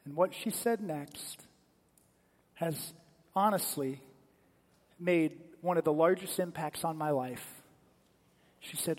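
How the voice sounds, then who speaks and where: A male pastor giving a sermon as animated, dramatic storytelling in a church sanctuary. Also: fairly high pitch, slow pace, long pauses, big-room sound.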